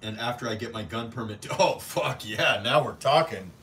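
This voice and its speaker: A man's voice: mid-range voice, normal speed, fairly bright tone, distant mic. A young adult man hosting a casual livestream, teasing his viewers as he reads their comments in a profane, jokey way. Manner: profane, teasing, jokey banter with frequent laughter. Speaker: livestream host. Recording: roomy echo, off-mic, faint background hum.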